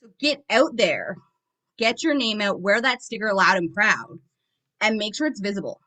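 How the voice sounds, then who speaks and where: Chatty Canadian woman, bright voice. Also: medium pitch, very animated, normal speed, poor audio. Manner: chatty, folksy, storytelling. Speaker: team member sharing tips. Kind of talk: casual group call.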